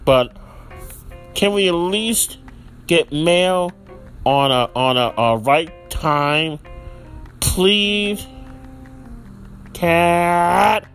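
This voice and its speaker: A man hosting a casual solo podcast, rambling with many fillers and restarts, lively and quick to laugh. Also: a little high, faint music behind. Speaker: podcast host.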